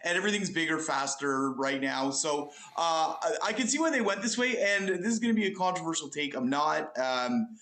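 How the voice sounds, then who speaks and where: A man's voice: fairly high pitch, expressive, a little fast, few pauses, pushed and bright. A man giving blunt, rambling hot takes as a panel guest, full of "like" fillers. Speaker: panel guest, media personality. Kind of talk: casual opinionated chat. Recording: roomy echo.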